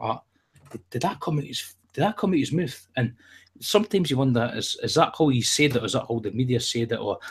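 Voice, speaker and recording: Brief: man, husky, chatty and profane, meandering opinions. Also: mid-range voice. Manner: rambling, profane, jokey storytelling. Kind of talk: casual chat.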